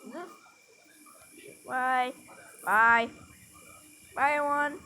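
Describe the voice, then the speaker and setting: A woman chatting casually with friends while playing a game, excitable and prone to panicked yelps. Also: fairly high pitch, takes it slowly, slight background noise. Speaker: gamer. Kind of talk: casual gameplay commentary with friends. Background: game music.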